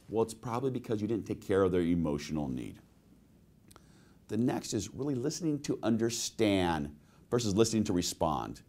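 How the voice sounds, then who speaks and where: A sales trainer giving a webinar presentation, telling stories and asking the audience rhetorical questions. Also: male voice, on the low side, very animated, normal speed, darkish tone.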